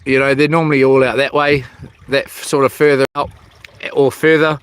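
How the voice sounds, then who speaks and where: Slight background noise accompanies a medium-pitched man with a flat delivery and normal pace. He's a New Zealand fisherman livestreaming from a small boat outdoors, casually reading comments in a laid-back, slangy manner.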